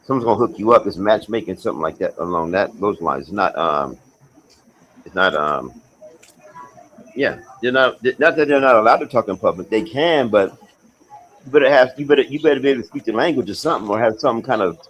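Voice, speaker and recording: A man's voice: on the low side, animated, fairly quick, a bit bright, slight background noise, poor audio. A man chatting casually as an expat, blunt and profane, rambling with many restarts. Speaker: expat talking on a livestream call. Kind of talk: casual chat. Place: abroad, with faint outdoor sounds behind.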